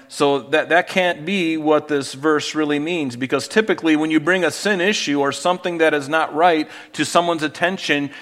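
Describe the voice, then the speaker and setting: A man's voice: fairly high pitch, fairly bright tone. Middle-aged male pastor, preaching conversationally. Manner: conversational preaching with rhetorical questions and restarts. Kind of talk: sermon.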